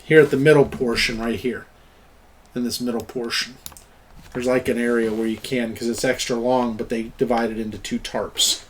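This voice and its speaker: A man's voice: medium pitch, level tone, moderate pace, a little hiss or hum. A middle-aged man running an online tabletop game as game master, chatty and explaining, laughing often. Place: at home, online voice chat.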